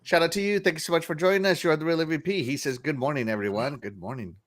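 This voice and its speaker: A man's voice: fairly high pitch, racing. A man hosting a casual livestream podcast, chatty and upbeat, laughing often as he greets viewers. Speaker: podcast host.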